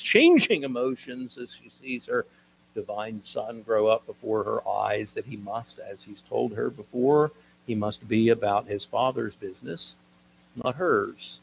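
A man preaching a sermon as pastor, explaining a passage in a measured, teaching way with occasional restarts. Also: mid-range voice, vocal fry, a little hiss or hum, rough recording.

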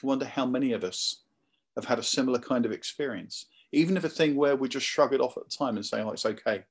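A man preaching a sermon in a conversational, animated storytelling manner. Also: mid-range voice, quick pace, breathy edge.

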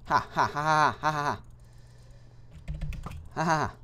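A young man giving casual, excitable gameplay commentary that swings into loud, frustrated yelps. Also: a little high, measured pace, pauses often. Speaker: gaming YouTuber.

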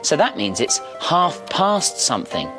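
A man's voice: on the high side, very animated, measured pace, music in the background. A man presenting a preschool TV show, telling a story playfully and slipping into animal noises. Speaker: children's TV presenter.

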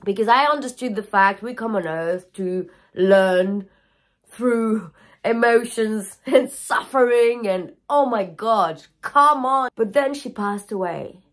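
A woman yoga teacher talks candidly to her viewers at a slow, unhurried pace. Her speech is frank and loose, with swearing, and she loses her thread now and then. She is emotional and openly tearful at times. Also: on the high side. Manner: scattered, frank, swears freely. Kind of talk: candid personal video talk.

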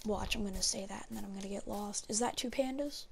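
A woman's voice: mid-range voice, quick pace, vocal fry, a little hiss or hum. A woman giving casual gameplay commentary. She chats to her in-game pets and exclaims often. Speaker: gaming video creator.

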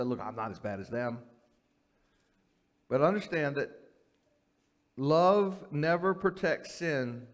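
A middle-aged man, a pastor teaching a women's Bible study in a conversational way, repeating his key phrases and checking in with "okay?". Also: a little high.

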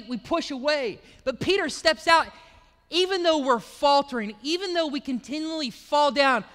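A man's voice: very high voice, pushed and bright, big-room sound. A man preaching a conversational sermon in a church, telling stories as he goes. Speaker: pastor.

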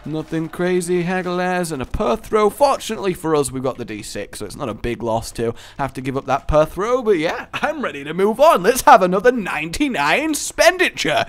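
A man giving casual let's-play commentary, excitable and gleeful, laughing often. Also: sits high, brisk, hardly any pauses. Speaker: gaming commentator.

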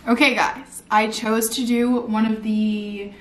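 A woman's voice: on the high side, little pitch movement, takes it slowly, music in the background. A young woman in her twenties talking casually to the camera at home as a vlogger, upbeat and chatty with lots of "like". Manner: chatty, upbeat, filler-heavy. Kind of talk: casual vlog chat.

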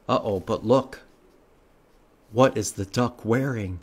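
A man's voice: lowish voice, slow pace. A man reading a picture book aloud to children at library storytime, asking them questions along the way. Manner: animated, asks children questions, makes animal sounds.

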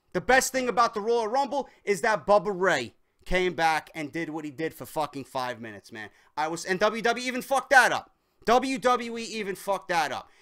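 A man's voice: high-pitched, fairly bright tone. A man giving an angry, swearing rant as a wrestling show reviewer. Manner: furious, swearing, repetitive rant.

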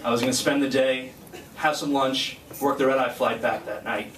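A man's voice: medium pitch, fairly even intonation, normal speed, a bit bright. Earnest man telling a story from stage. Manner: earnest, chatty storytelling with laughs. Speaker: guest speaker, flight crew member. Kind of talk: personal speech with anecdote. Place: hall at a graduation ceremony. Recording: distant mic in echoey hall, noisy.

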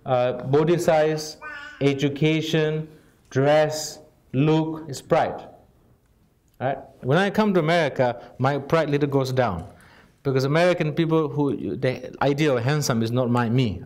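A man with non-native English giving an informal Buddhist teaching, lively and direct, checking in often with the audience. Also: a little high, a little slow. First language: Tibetan. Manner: animated, asks "right?" constantly, non-native phrasing. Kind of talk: informal dharma talk.

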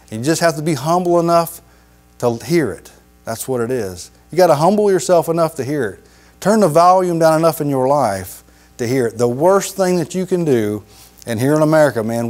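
A middle-aged man preaches a sermon in a folksy, emphatic style, repeating phrases and going low for emphasis, his tone on the darker side.

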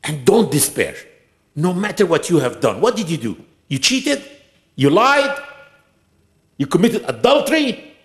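A man preaching a sermon in a mosque, emphatic, posing rhetorical questions and reciting scripture in quick bursts. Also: sits high, big pitch swings.

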